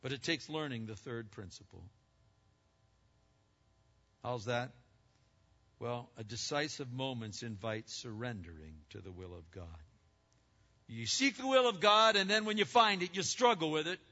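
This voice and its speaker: A man preaching a sermon as pastor. His delivery swings between loud, emphatic peaks and hushed, low passages. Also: sing-song, moderate pace, long pauses. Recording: muffled lo-fi sound with long reverb.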